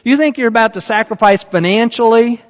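A man's voice: very high-pitched, a little fast, voice pushed up. A man voicing a stern, commanding God. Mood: indignant. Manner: emphatic, raised and loud. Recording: dull, echoey hall.

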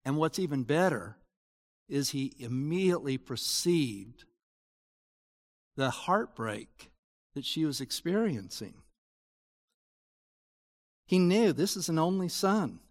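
A man's voice: on the high side, big pitch swings, a little slow, pauses often, big-room sound. A man preaching a sermon in an earnest, explanatory way that swells into emphatic, rising passages. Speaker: pastor.

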